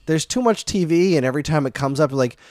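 A man's voice: a little high, animated, fast, darkish tone, no room sound, studio quality. A man in his thirties co-hosting a casual chat show, rambling off on tangents. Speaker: podcast co-host.

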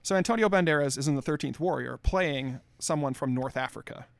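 Man, podcast co-host, gravelly, slightly higher voice, dry close mic, acts out quotes. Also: brisk, no echo. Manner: animated storyteller, swears a lot, acts out quotes. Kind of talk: casual chat.

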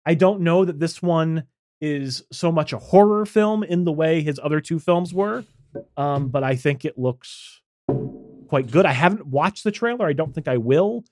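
Blunt, lively-voiced male podcast host. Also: on the high side, moderate pace, no echo, clean studio sound, soft background music. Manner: opinionated, blunt, trailing fillers. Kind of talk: casual podcast chat.

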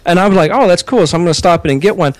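High-voiced rambling storyteller man. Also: rapid-fire, no echo. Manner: rambling storyteller, frequent swearing. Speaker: podcast co-host. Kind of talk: casual podcast chat.

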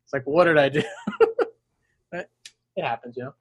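A young man with a high voice tells a story in animated, unfiltered chat. He swears freely and laughs in the middle of sentences. When he quotes people, his voice leaps even higher. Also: moderate pace, no echo. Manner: acts out voices in quoted lines, jumping up high. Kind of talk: casual chat.

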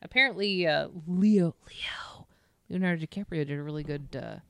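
A woman's voice: fairly low pitch, normal speed, creaky, clean tone. A woman co-hosting a podcast in casual, playful banter, giggling and riffing on goofy bits. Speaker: podcast co-host.

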